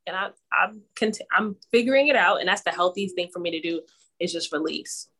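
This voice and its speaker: A woman's voice: fairly low pitch, a little fast, fairly bright tone, slight background noise. Laid-back chatty woman co-host. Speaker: podcast co-host. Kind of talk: casual chat.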